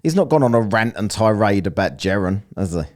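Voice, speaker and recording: A man's voice: lowish voice, expressive, brisk. A man giving sarcastic, profane commentary on a clip he is reacting to. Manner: mocking, profane, sneering.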